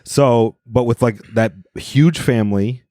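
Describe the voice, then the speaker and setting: A man's voice: mid-range voice, unhurried, warm tone, no echo, clean studio sound. A man hosting a podcast, joking crudely and teasing his guest in casual chat. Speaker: podcast host.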